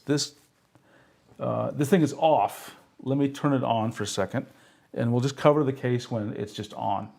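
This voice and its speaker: With vocal fry and a dark tone at medium pitch, a man demonstrates pen displays on a live tech stream. His style is explanatory and step by step, peppered with "okay?" and "right?", and he laughs at himself if a demo flops.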